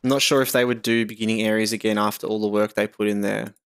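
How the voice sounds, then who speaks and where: A man's voice: lowish voice, flat delivery, fast, clean tone. A young Australian man chatting casually with viewers during a live game stream, reading chat aloud with lots of fillers.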